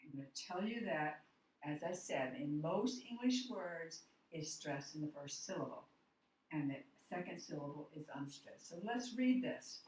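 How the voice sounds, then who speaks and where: A woman's voice: low voice, animated, normal speed, darkish tone, slight background noise. A woman teacher giving a patient, step-by-step phonics lesson, correcting herself as she goes. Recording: echoey room, mic far off.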